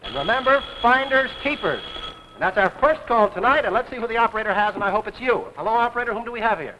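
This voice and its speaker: A man hosting a live 1950s television game show with brisk, excitable patter. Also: high voice, slight background noise, rough recording.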